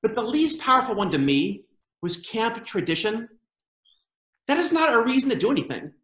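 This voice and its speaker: A man performing a stand-up comedy routine, with lively delivery and funny voices for quoted people. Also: very high voice, normal speed. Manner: animated joke-telling with funny put-on quoted voices. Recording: roomy echo.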